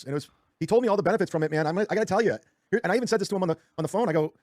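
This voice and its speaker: A man in a heated podcast argument, talking fast, stammering and defensive. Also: a little high, lively intonation, darkish tone, no room sound, clean studio sound. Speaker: streamer.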